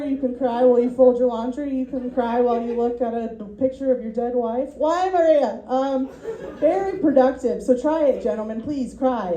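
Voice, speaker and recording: A woman's voice: high-pitched, dark tone, reverberant, low-quality recording. A woman doing a rambling, self-deprecating stand-up set at a student showcase, full of ums and little laughs, as the class's comedy teacher.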